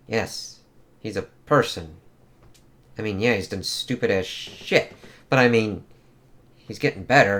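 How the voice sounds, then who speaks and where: A man talks through a comic book in a loose, unscripted way. He swears often and fills pauses with "uh" and "like". His voice sits in the middle of the usual male range. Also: medium pitch, fairly bright tone. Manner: casual and profane, with frequent fillers. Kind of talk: casual review reading from a comic.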